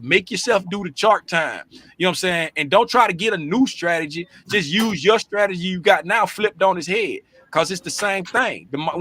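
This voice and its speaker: High, bright-voiced male trading coach. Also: no echo. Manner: animated, repetitive, keeps asking "you see what I'm saying". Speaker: trading show host. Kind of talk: casual coaching chat.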